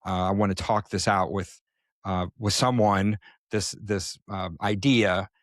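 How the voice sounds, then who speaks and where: A man co-hosting a casual podcast, explaining at length and thinking aloud with frequent pauses. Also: lowish voice, fairly even intonation, no echo, studio quality. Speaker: podcast co-host.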